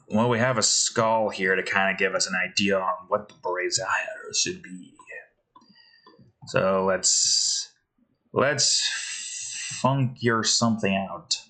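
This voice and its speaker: A man talks his way through building a game, slow and unhurried, trailing off to mutter and question himself as he goes. His voice sits a little low yet has a bright, forward edge. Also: poor audio. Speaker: game developer. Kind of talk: thinking aloud while building a game.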